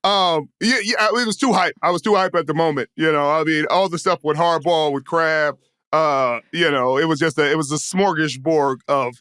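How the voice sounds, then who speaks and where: Guy on a podcast, easygoing, lots of you know what i mean, bright voice, dry. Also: on the high side, moderate pace, clean tone, no echo. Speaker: guest, former football player. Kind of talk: casual chat.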